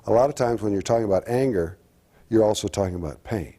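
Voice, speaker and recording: Mellow-voiced man speaking haltingly. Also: lowish voice. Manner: halting and reflective, with many restarts. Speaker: guest. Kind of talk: candid personal talk-show conversation.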